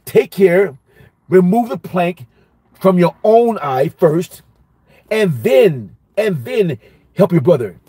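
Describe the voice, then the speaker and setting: A minister teaching a Bible study tells a personal story in a lively sermon style, repeating each phrase for emphasis. His high-sitting voice has a breathy edge, he takes it slowly, and there's no echo.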